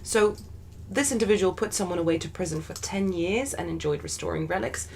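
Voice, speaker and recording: A woman with a lowish voice hosts a casual quiz among friends on a podcast. She reads out clues and answers in a steady, plain way. There is a faint hiss of noise under the recording. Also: brisk, vocal fry. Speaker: quiz-running podcast co-host. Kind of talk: casual chat hosting a quiz.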